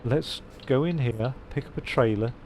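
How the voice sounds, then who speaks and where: A man's voice: medium pitch, moderate pace, background noise. A man rambling casually as he streams a truck-driving game, with self-mocking asides. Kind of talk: casual live-stream commentary.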